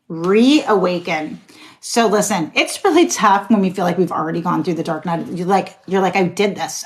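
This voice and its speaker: Woman, tarot reader, lowish voice, casual live-stream chat, encouraging, swears now and then. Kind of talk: live-stream card reading.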